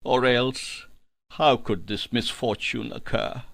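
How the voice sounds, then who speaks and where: Slow, gravelly high-voiced male narrator. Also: fairly even intonation, a bit bright, no echo. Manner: solemn and dramatic. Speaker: audiobook narrator. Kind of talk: scripted first-person narration of a spiritual text.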